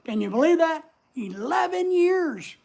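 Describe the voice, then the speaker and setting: A woman's voice: very high voice, very animated, measured pace, creaky, a little mellow. A woman hosting a casual livestream, chatting away and answering viewer comments as they come in. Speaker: livestream host.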